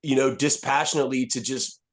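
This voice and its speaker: A man's voice: medium pitch, fairly even intonation, brisk. A man in his fifties, a retired soldier speaking as a podcast guest, telling his story candidly in a blunt, profane way with many restarts. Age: 50s.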